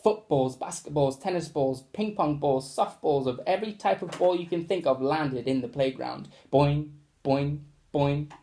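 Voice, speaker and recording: A man reading a children's storybook aloud in a lively way, adding sound effects as he goes. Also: a little high, moderate pace, hardly any pauses.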